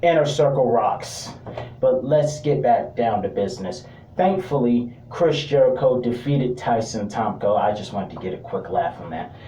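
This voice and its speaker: A man's voice: mid-range voice, lively intonation, normal speed, warm tone, a little hiss or hum. A man giving a casual wrestling review, rambling with joking asides. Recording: roomy sound, distant mic.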